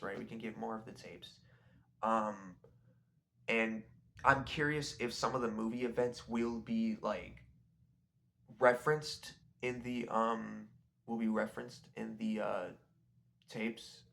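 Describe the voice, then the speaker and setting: A young man with a gravelly, creaky edge talks in a loose, rambling way about a movie. His pitch sits in an ordinary middle range. He keeps breaking off and restarting his sentences as his thoughts run on. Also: fairly bright tone. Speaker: video creator. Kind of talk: casual rambling movie review.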